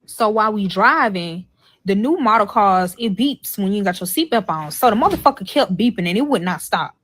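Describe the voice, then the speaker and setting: A woman's voice: medium pitch, fairly quick, a little hiss or hum. A woman telling a profane story-time tale, acting out the quoted lines and swearing freely. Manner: animated, swearing, acts out quoted dialogue. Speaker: storyteller in a played clip.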